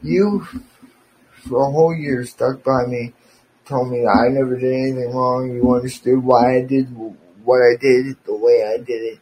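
A man's voice: medium pitch, steady tone, moderate pace, darkish tone, a little hiss or hum, rough recording. A man hosting a podcast, delivering an angry, profane, sarcastic rant aimed at a former friend.

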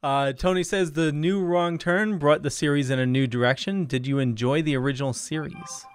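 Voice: mid-range voice, fairly even intonation, normal speed, smooth, dry recording. A host asking interview questions, hesitant with many fillers. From Connecticut. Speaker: show host. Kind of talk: casual interview.

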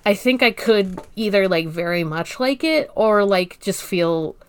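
A woman in a casual podcast chat muses over her reactions, pausing and hedging as she gathers her thoughts. Her voice sits at an ordinary pitch and comes across dry and close, with no room echo. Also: clear, resonant tone. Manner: musing, hesitant, laughs easily. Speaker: podcast co-host.

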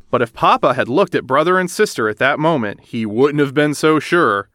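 Male storybook narrator: animated, expressive, lively pitch, dry sound. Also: normal speed, few pauses, dry recording. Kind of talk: children's storybook read-aloud.

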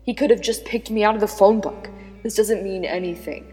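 A woman's voice: mid-range voice, steady tone, a little fast, warm tone, natural voice. A woman voicing a skeptical, irritable man who speaks with impatient exasperation. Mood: exasperated. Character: skeptical, irritable grown man keeping vigil. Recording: long reverb with background music.

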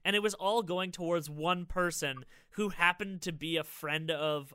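A man's voice: high voice, moderate pace, sharp tone, clear, resonant tone, no echo, clean studio sound. A man hosting a podcast, chatting casually and sardonically explaining stories. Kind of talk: casual chat.

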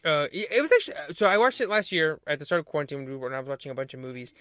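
A man's voice: fairly high pitch, big pitch swings, racing, a bit bright, no room sound, clean studio sound. A man co-hosting a casual movie review podcast, rambling with hesitant fillers and restarts. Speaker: podcast co-host.

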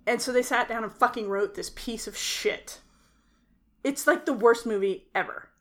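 With a voice on the high side and a normal pace, a woman co-hosts a casual podcast. She retells a film's plot in an animated, profane rant, swearing and acting out the quotes as she goes.

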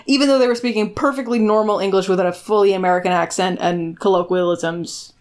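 A woman co-hosting a casual podcast, telling the story quickly and acting out quotes. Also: mid-range voice, steady tone, a little mellow. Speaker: podcast co-host. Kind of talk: casual chat recapping a show.

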